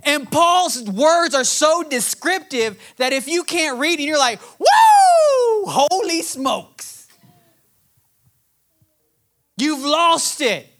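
Man, pastor, sermon, unhurried delivery, passionate emphasis, scripture reading. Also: very high voice, bright, forceful tone. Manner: impassioned, emphatic preaching that reads scripture aloud.

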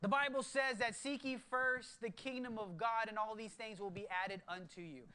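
Male pastor preaching, high bright voice, drops to hushed earnest tones then bursts with excitement. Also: normal speed, smooth. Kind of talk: sermon.

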